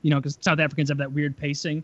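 A man's voice: fairly high pitch, little pitch movement, racing, fairly bright tone, no echo. Casting note: male podcast co-host, wry storyteller, lo-fi sound. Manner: wry, storytelling, laughs often. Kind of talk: casual podcast chat.

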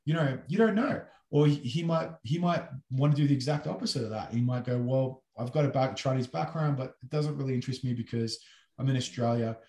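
A man's voice: medium pitch, brisk, warm tone. Earnest man talking in a roomy space. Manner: earnest, searching, restarts often. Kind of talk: casual discussion. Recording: roomy echo.

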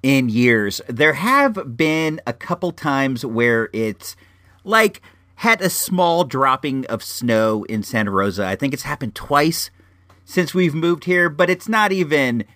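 A man's voice: mid-range voice, slow pace, dry recording, studio quality. Man from Illinois telling a rambling story. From Illinois, USA. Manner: rambling, frequent restarts, animated. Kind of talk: casual spoken anecdote.

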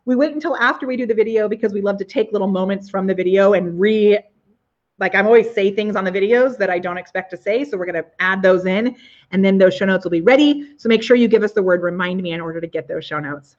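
A woman's voice: medium pitch, quick pace, dull audio. A woman hosting a casual live video show from her living room, bubbly and exclamatory, gushing over her viewers. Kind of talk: casual live-stream chat.

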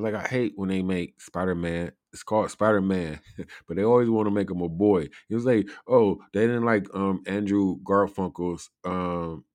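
A man's voice: deep voice, darkish tone, no room sound, studio quality. A man hosting a casual live show, rambling and chatty, laughing often between his words and leaning on lots of fillers. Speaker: show host.

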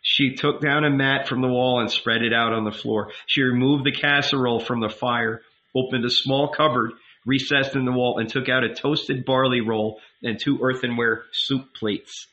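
Audiobook narrator, male, measured, bright tone, slightly muffled recording. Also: mid-range voice, steady tone. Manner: measured, unhurried. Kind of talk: audiobook reading.

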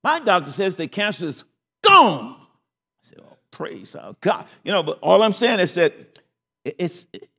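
A man's voice: sits high, sing-song, normal speed, pauses often, sharp tone, husky, in a large hall. An older man preaching a sermon as pastor, telling stories. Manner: folksy storytelling with laughs.

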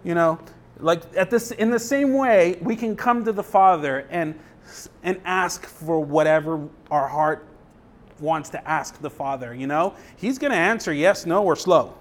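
A man's voice: fairly high pitch, measured pace. A young adult man, a pastor, preaching a sermon in a conversational way, often checking in with the congregation and reading scripture aloud with rising emphasis.

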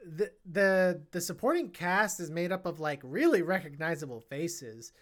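A podcast co-host in casual film review chat, talking in an animated, chatty way with many fillers and restarts. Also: mid-range voice, moderate pace.

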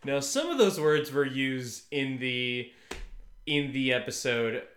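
Bright-voiced man in an echoey room. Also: medium pitch, expressive, slow. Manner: rambling, self-interrupting, laughs often. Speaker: podcast co-host. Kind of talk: casual chat.

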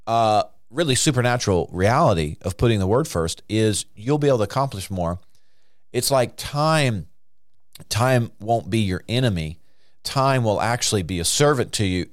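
Low-voiced man preaching casually on a podcast. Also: no room sound, clean studio sound. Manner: conversational, encouraging, peppered with "you know" and "hallelujah". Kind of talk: casual sermon-style podcast talk.

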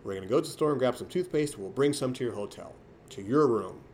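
A man's voice: medium pitch, lively intonation, fast, darkish tone, a little hiss or hum, close to an everyday voice. A man voicing an obliging male hotel desk clerk, polite and reassuring.

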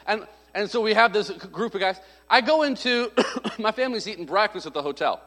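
Expressive and fairly quick, a pastor with a high-sitting, sharp voice preaches a sermon. He tells a story conversationally and with humor, performing the voices of people he quotes, in a hall with long reverb.

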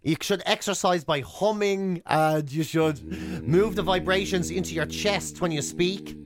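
A man's voice: high-pitched, measured pace, noisy background. An Irish man co-hosting a morning radio show, joking and laughing in comic banter and often stumbling over his words. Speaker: radio host.

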